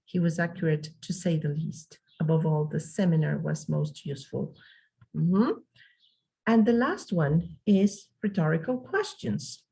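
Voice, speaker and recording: A woman's voice: low voice, expressive, a little slow, vocal fry, warm tone, breathy edge, rough recording. A woman from Mexico teaching an online English lesson, explaining points step by step and reading out example sentences.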